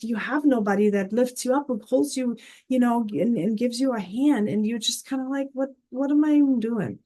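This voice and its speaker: Earnest lady coach teaching, mellow warm voice, keeps saying okay and right. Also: mid-range voice. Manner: earnest, repeats words, frequent "okay?" and "right?". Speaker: life coach. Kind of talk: casual teaching talk.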